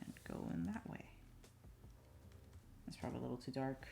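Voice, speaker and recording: A woman chatting casually on a live stream while she draws, rambling to herself with many fillers and soft muttered asides. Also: rumbling low, lively intonation, normal speed, gravelly, pauses often, slight background noise. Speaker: streaming digital artist.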